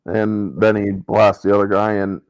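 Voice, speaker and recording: A man's voice: lowish voice, level tone, normal speed, darkish tone, dry recording. A man co-hosting a casual movie podcast, blunt and profane. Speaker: podcast co-host. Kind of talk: casual movie discussion chat.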